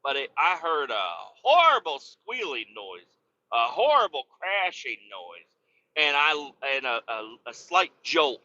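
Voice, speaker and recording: Bright-voiced, profane male storyteller. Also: fairly high pitch, unhurried, no echo, dull audio. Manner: profane, animated, repeats himself. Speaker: podcast host and storyteller. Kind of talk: casual storytelling.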